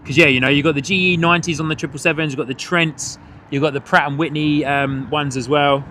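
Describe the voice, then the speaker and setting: A man hosting a live plane-spotting stream from a hotel above the runway, excitedly calling out departures and greeting viewers. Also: fairly high pitch, quick pace, a little hiss or hum. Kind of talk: live commentary. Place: hotel third floor overlooking an airport runway.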